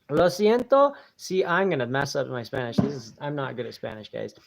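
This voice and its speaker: A man hosting a casual live stream, warmly thanking viewers and rambling with many fillers and restarts. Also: mid-range voice, expressive, fairly quick, creaky. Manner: warm and grateful toward viewers. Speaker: channel host reading viewer donations.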